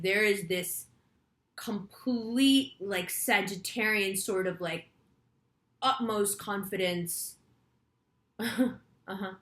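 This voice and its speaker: A woman's voice: medium pitch, a bit bright, echoey room. A woman astrology reader telling a rambling story in a casual monologue, chatty and swearing freely.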